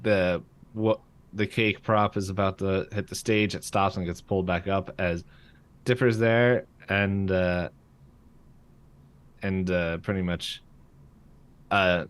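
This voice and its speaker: A man's voice: deep voice, fairly even intonation, takes it slowly, long pauses, clean tone. A man co-hosting a podcast, casually recapping a cartoon episode with lots of fillers and laughter. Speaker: podcast co-host. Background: passing freight train.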